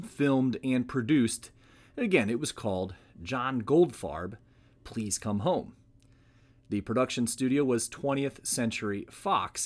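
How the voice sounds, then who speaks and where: A man hosting a history podcast, telling the story conversationally with wry asides. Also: medium pitch. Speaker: podcast host. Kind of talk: casual history podcast narration.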